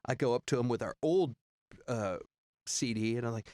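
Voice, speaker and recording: A man in his forties telling rambling road stories in casual chat, acting out other people's lines in high voices. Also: moderate pace, no room sound, studio quality. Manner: rambling, animated, acts out quoted voices high.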